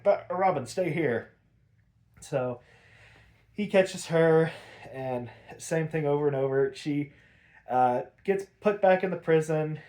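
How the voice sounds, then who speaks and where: A man's voice: fairly high pitch, mellow. A man hosting a podcast, recapping an episode in a rambling, profane, casual way, full of "like".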